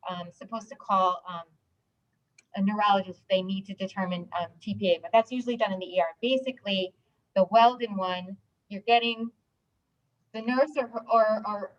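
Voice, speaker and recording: A woman's voice: mid-range voice, dull audio. A woman walking colleagues through a hospital procedure in an informal presentation, with frequent ums. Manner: explanatory, many filler ums. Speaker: hospital stroke program presenter.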